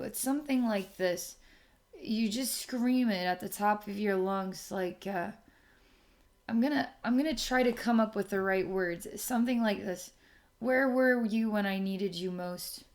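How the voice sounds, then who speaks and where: A woman giving a channeled spiritual reading to someone, speaking softly and often checking in with "okay?". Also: medium pitch. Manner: slow, soft, repeats okay to check in. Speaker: spiritual intuitive reader.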